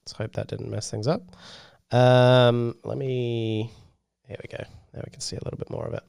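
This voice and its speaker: Smooth-voiced young man, playful. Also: mid-range voice, little pitch movement, moderate pace, a little mellow. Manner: playful, mock-announcer asides. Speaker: podcast co-host. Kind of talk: casual chat.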